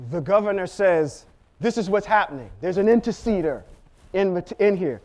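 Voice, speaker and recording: High-pitched male Bible teacher, lively storytelling delivery. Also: normal speed. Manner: animated storytelling, acting out the characters' lines. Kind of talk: sermon teaching.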